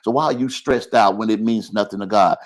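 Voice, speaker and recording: A man's voice: lowish voice, fairly quick. A man preaching a live-streamed sermon as pastor, calling out to the congregation with repeated phrases and building to rising, heated intensity.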